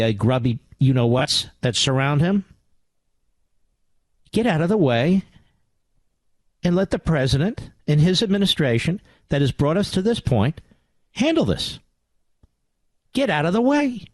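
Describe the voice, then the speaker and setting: A middle-aged man hosting a talk radio show, ranting with sarcasm and swinging between loud outbursts and low mutters. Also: expressive, measured pace, long pauses, no echo. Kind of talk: angry talk radio monologue.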